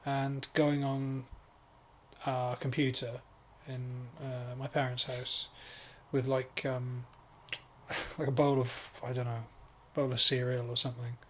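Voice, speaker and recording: A man co-hosting a comedy podcast, rambling and self-mocking with halting ums. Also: medium pitch, flat delivery, slight background noise. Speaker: podcast co-host. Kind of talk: casual comedy chat.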